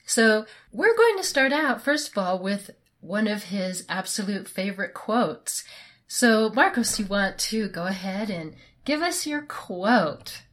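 A woman's voice: medium pitch, animated, unhurried, a bit bright. A woman hosting a podcast interview, upbeat and emphatic, who laughs often. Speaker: podcast host.

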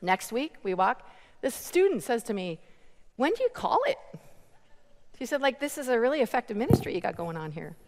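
Woman, sermon storytelling, high voice, long hall reverb, animated. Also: fast talker, a little hiss or hum. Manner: animated, acts out quotes, laughs between lines. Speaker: preacher.

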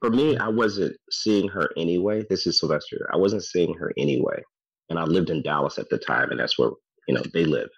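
A man's voice: low-pitched, a little fast, gravelly, slightly rough, no room sound. A man talking candidly and with wry humour about being a divorced father, in a casual podcast chat. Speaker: divorced father sharing his story. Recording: slightly dull recording.

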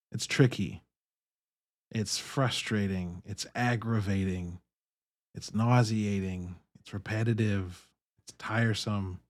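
A man in his thirties hosting a podcast, talking in a candid, profane, animated monologue. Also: fairly low pitch. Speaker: podcast host. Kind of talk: casual monologue.

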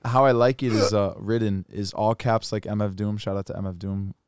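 A man's voice: fairly low pitch, steady tone, fairly quick, a little mellow, clear, resonant tone, no room sound, clean studio sound. A young man, a rapper guest, chatting casually on a podcast and rambling about his name, often laughing.

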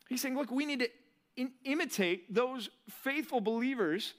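Preaching in a lively, conversational style, a male pastor keeps asking his congregation rhetorical questions. His voice sits high.

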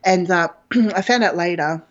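Chatty woman, candid, lots of ums, slightly low voice, dull lo-fi sound. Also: normal speed. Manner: chatty and frank, with frequent fillers and laughs. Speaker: interview guest. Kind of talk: candid personal storytelling. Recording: dull lo-fi audio.

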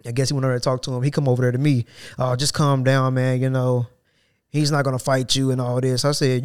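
A smooth, fast-talking co-host with a medium pitch tells a story from his job on a casual podcast, acting out the dialogue in lively fashion.

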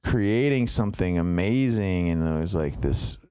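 A man's voice: sits low, animated, normal speed, darkish tone, a little hiss or hum. A man co-hosting a podcast, talking in a loose, rambling way full of fillers and tangents. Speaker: podcast co-host. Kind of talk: casual chat.

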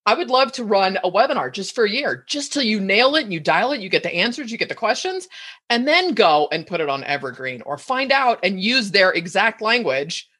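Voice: medium pitch, big pitch swings, brisk, sharp tone, slightly rough. A podcast host asking rambling, chatty questions and wrapping up an interview. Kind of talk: casual interview chat.

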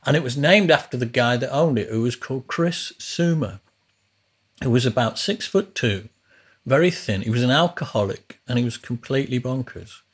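A man's voice: medium pitch, expressive, normal speed, husky. A man hosting a podcast, telling rambling, casual stories about his early life as a musician. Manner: rambling, with frequent restarts. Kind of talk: casual storytelling.

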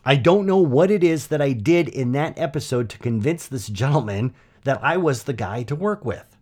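A middle-aged man hosting his own podcast, telling a personal story in a chatty, animated way with lots of asides. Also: medium pitch, moderate pace. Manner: conversational, animated storytelling with frequent "you know" and "right?". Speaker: podcast host.

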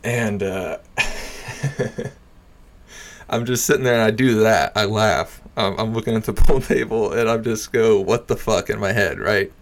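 A young man casually telling a story, swearing freely, laughing often and dropping into low mutters. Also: measured pace, long pauses.

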